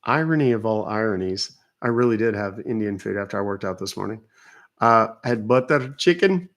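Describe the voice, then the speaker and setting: A man's voice: fairly low pitch, fairly quick, fairly bright tone. A man from North Texas, hosting a casual livestream, chatting with viewers and playing dumb with a phone caller. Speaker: livestream host baiting phone scammers.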